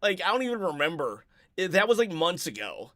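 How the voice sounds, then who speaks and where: High-voiced man hosting a live stream. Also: big pitch swings, a little fast, a bit bright, no room sound, studio quality. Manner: rambling, restarts, reads viewer comments aloud. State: a bit out of breath. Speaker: live-stream host reading chat. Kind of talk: casual live-stream chat.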